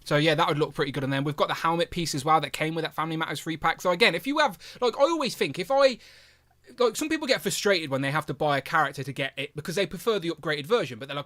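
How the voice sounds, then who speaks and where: Bright, lively man hosting. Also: on the high side, fast. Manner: chatty and enthusiastic, with frequent fillers; animated, with big jumps in loudness. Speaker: host of a toy review live stream. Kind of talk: casual live-stream chat.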